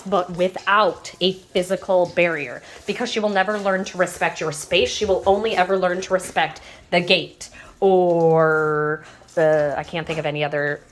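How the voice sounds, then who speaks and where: Casting note: woman in her thirties, lowish voice, easygoing dog-training vlogger at home, rambles with fillers. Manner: chatty, loose, with fillers and restarts; sweet high baby talk to the dogs. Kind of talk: casual instructional vlog. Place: in her home, walking between rooms.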